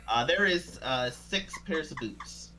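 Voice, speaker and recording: A man's voice: fairly high pitch, animated, slow pace, noisy background. A man running a tabletop game as game master, playful and teasing, with frequent hesitations.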